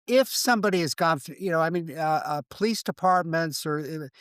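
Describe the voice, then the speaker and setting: A man in his seventies, a veteran guest in an interview conversation, speaking in a reflective, halting way and acting out quoted exchanges. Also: on the high side, fairly bright tone, smooth, no echo.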